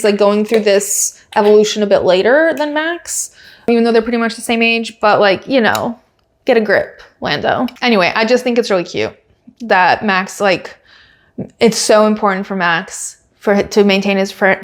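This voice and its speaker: Chatty woman podcast host. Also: mid-range voice. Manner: rambling, many fillers like "like". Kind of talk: casual chat.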